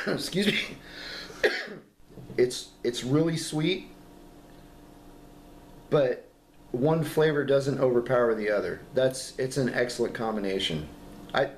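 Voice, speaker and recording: A man giving a casual product review, talking in halting, enthusiastic bursts and coughing now and then from a lingering cough. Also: medium pitch. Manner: halting, repeats words, enthusiastic. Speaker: vape juice reviewer. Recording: echoey room with background noise.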